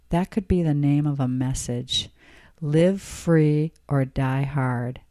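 A woman's voice: low-pitched, dark tone, no echo, clean studio sound. A woman hosting a church podcast, chatting in a folksy, rambling way with a morning voice. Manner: chatty, folksy, enthusiastic asides. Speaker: podcast host. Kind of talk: casual rambling podcast chat.

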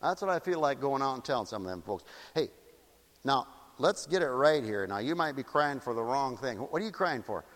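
A man preaching a sermon in an animated, mocking way, slipping into shrill wailing impressions. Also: brisk, in a large hall.

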